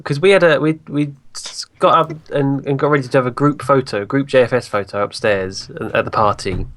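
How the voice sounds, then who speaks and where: A man's voice: mid-range voice, fairly quick. A man on a podcast asking the group questions in casual chat. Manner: asks questions, lively questioning. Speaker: podcast co-host.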